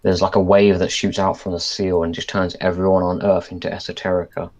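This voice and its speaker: Low-voiced man thinking aloud. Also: flat delivery, fairly quick, darkish tone. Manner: thinks aloud, trailing off and restarting sentences. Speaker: podcast co-host. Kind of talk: casual chat reviewing a cartoon episode.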